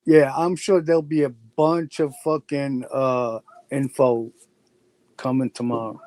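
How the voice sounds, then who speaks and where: A man joining a livestream chat as a guest, speaking in halting remarks with frequent swearing. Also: medium pitch, little pitch movement, a little mellow, no room sound. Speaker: stream guest. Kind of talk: casual chat.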